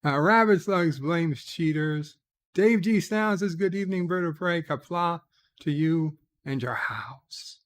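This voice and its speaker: Slow-talking man reading chat aloud. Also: fairly high pitch. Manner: reads chat comments aloud and replies offhand, frequent "uh" hesitations. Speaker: livestream host reading viewer chat. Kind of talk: casual late-night live stream chat.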